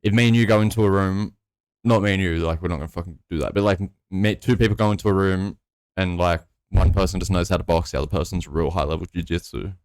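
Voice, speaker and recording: A man's voice: deep voice, steady tone, quick pace, darkish tone, clean tone, no echo, studio quality. A man co-hosting a podcast, laid-back and swearing freely in casual chat. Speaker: podcast co-host.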